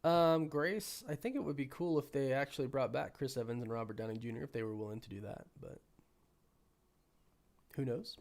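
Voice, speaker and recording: A man with a cold, hoarse and sniffly, hosting a casual live stream and chatting with viewers while thinking aloud. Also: mid-range voice, fairly quick, a little mellow. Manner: rambling, thinking aloud with many restarts. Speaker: livestream host.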